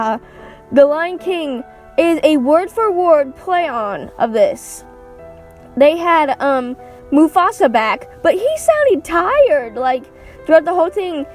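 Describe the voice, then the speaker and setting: A woman vlogger ranting through a casual movie review, sarcastic and swearing, acting out what characters say. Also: high-pitched. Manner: sarcastic, swears, acts out quotes.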